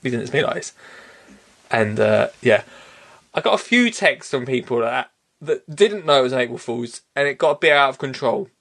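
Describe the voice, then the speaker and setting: Laughing frequently, a man hosting a podcast tells an animated, casual story. His creaky, mid-range voice moves at a moderate pace.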